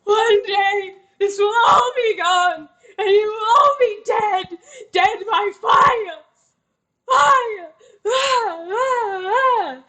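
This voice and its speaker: A woman's voice: very high-pitched, drawn-out words, sharp tone, exaggerated voice. A woman voicing a grief-crazed young noblewoman who wails, screams and sobs a prophecy of doom at a tabletop game. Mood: wailing prophecy. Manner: wailing, screaming and sobbing.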